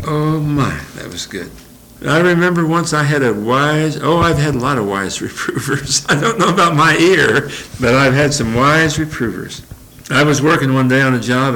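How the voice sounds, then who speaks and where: A man's voice: mid-range voice, vocal fry, a bit bright, a little hiss or hum, poor audio. An older man giving an informal, folksy Bible study, rambling through verses and chuckling between thoughts. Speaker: Bible teacher.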